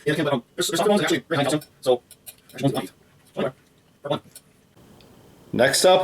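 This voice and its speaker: A man's voice: on the high side, a little fast, long pauses, roomy sound. A man hosting a food tasting video in casual chat, explaining facts he reads off the packaging. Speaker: host of a food challenge channel.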